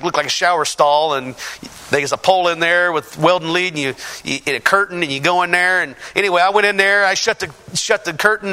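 Guy telling his testimony, earnest, halting, keeps restarting, gets fervent, bright edgy voice. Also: on the high side. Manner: grows fervent and emphatic. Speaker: speaker giving a personal testimony. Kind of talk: personal testimony, storytelling.

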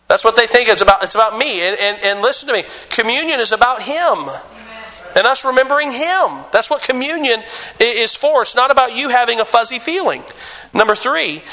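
High, bright-voiced preaching pastor. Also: male voice, rough recording. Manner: emphatic, repeats "listen" and "understand with me", many restarts. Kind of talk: sermon.

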